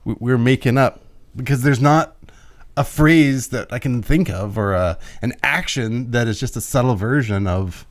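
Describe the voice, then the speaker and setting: A man's voice: mid-range voice, normal speed. A man co-hosting a casual podcast, tossing in joking asides with some stumbling restarts. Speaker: podcast co-host. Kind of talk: casual chat.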